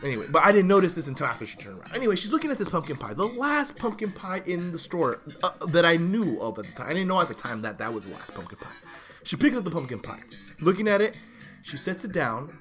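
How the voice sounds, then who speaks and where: A man's voice: fairly high pitch, sing-song, fast talker, a bit bright, faint music behind. A man hosting a show, telling a story in a loose, rambling way with restarts and side remarks. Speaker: show host. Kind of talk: casual storytelling monologue.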